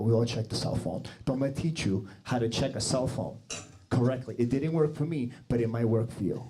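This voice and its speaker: A man's voice: mid-range voice, a little mellow, slight background noise. Brash, profane comedian in his forties. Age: 40s. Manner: brash, profane, teasing the crowd. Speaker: stand-up comedian. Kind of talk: stand-up comedy.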